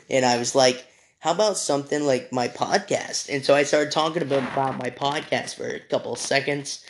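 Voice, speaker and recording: A man's voice: mid-range voice, a little fast, a little hiss or hum. A young man hosting a podcast, telling a story casually with many fillers, restarts and small apologies. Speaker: podcast host.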